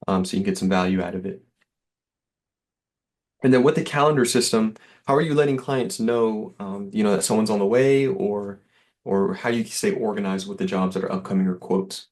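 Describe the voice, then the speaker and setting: A man's voice: on the low side, darkish tone. A man giving an easygoing, reassuring sales demo over a call, with lots of fillers. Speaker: software sales rep.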